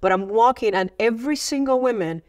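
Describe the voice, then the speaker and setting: A woman guest in a candid interview, telling animated stories with frequent restarts. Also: fairly high pitch. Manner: animated storytelling, many restarts, quick laughs. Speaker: celebrity guest.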